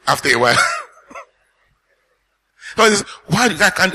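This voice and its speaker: A man's voice: high-pitched, expressive, moderate pace, long pauses, bright, forceful tone, husky. A man preaching a sermon as pastor, teaching earnestly and putting questions to the congregation.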